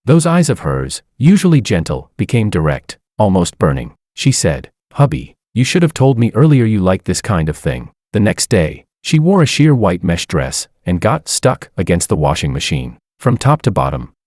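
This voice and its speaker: A young man narrating a first-person story in an even, steady reading. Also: deep voice, no echo, studio quality.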